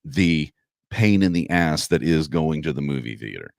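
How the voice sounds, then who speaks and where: A man's voice: very deep voice, lively intonation, moderate pace, vocal fry, no echo. A man co-hosting a podcast in casual chat, with dry, self-mocking humor. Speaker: podcast co-host.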